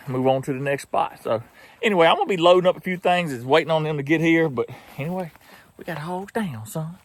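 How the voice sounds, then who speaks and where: A man's voice: medium pitch, no room sound. A man with a Southern US accent, chatting folksily outdoors in a field while narrating his hog trapping vlog. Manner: folksy, chatty, laughs often.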